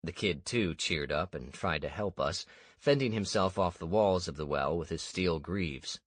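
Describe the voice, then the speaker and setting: A man narrating a first-person fantasy audiobook in a steady, measured way. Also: low-pitched, no echo.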